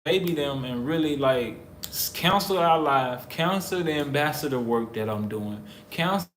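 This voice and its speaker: A man's voice: a little high, expressive, moderate pace. A man from the United States talking casually to camera, emphatic and preacherly, repeating his points. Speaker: vlogger, husband in couple channel. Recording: roomy echo, faint background noise.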